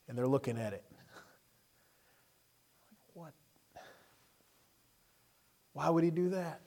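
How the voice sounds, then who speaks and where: A man preaching a sermon, telling Bible stories with animated delivery and acting out the characters. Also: a little high, measured pace, long pauses. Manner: animated storytelling, acting out scenes in character voices.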